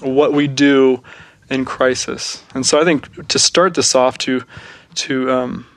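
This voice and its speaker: Young male co-host, monotone, dry close sound, hesitant and reflective. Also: medium pitch, dry recording. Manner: halting, many fillers and restarts, thoughtful. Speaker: podcast co-host. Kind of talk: reflective faith discussion.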